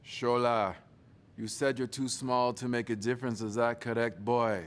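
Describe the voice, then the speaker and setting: A man voicing a stern, commanding older African father, speaking in slow, drawn-out commands. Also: mid-range voice, little pitch movement, close to an everyday voice.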